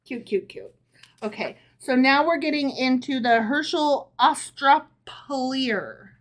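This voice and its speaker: A woman's voice: high voice, lively intonation, slow pace. A woman co-hosting a podcast, reading stories aloud and chatting, checking in often. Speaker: podcast co-host. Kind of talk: reading aloud and casual chat.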